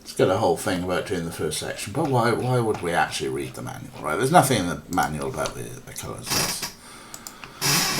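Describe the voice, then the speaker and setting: A man's voice: sits low, very animated, a little fast, slight background noise. A man casually commentating a game stream, rambling and mocking, with lots of ums and swearing. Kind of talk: casual let's play commentary.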